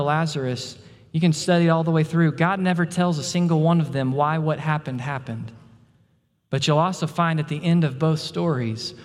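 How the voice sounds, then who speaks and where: Earnestly preaching his sermon, a man serving as pastor climbs in intensity, then falls back to a soft, tender hush. His voice sits a little high, and the recording has a large-room sound.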